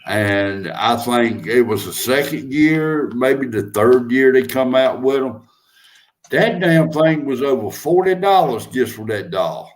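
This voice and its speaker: Slow-talking older folksy man. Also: medium pitch, animated. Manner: folksy, drawling storyteller. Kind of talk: casual chat.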